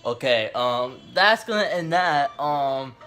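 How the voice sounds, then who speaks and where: A young man vlogging alone at home, crude and swearing, going from mumbling to loud outbursts. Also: on the high side, animated, slow, soft background music. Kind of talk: casual solo vlog. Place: home room.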